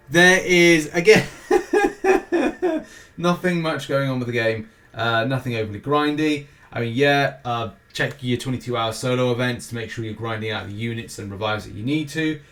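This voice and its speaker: A man's voice: mid-range voice, fairly bright tone. British guy hosting a gaming show, rambly and jokey, laughs at his own bits. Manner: rambling, jokey, self-mocking asides. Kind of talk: casual weekly game schedule rundown.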